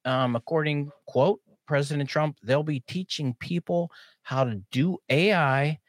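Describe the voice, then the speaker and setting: A man co-hosting a podcast in casual chat, animated, laughing often and tripping over repeated words. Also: on the high side, a little slow, no echo. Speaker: podcast co-host.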